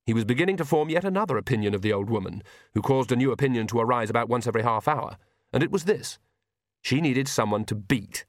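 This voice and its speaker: A man reading a comic fantasy novel aloud as narrator, in a measured, wry storytelling manner. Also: mid-range voice, expressive, dry recording, studio quality. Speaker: audiobook narrator. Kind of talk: scripted narration.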